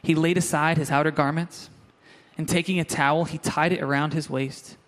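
Man, young adult, pastor, sermon, fairly high voice, joking asides, church. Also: moderate pace. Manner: lively, joking asides to the congregation. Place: church sanctuary.

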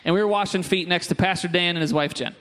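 A young man with a fairly high voice delivers a sermon in a church. He teaches earnestly and turns to the congregation with quick, joking asides. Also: a bit bright. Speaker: pastor. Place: church sanctuary.

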